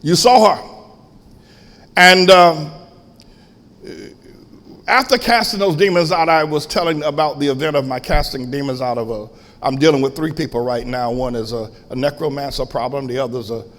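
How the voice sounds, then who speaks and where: A man preaching a sermon as pastor, shifting from quiet storytelling to sudden shouts. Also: mid-range voice, moderate pace, in a large hall.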